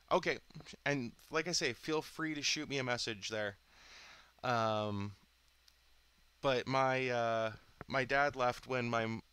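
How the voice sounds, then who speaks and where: Bright, clear-voiced man talking casually. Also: mid-range voice, no echo. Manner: chatty, self-interrupting, candid. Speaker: channel host. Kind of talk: casual rambling monologue.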